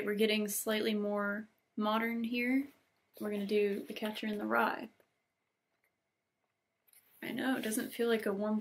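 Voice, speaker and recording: A young woman reading classic novel passages aloud in an unhurried, gentle storybook way, with casual chatty asides between scenes. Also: mid-range voice. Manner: gentle, unhurried reading, lingering on cozy details. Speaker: book channel host reading aloud.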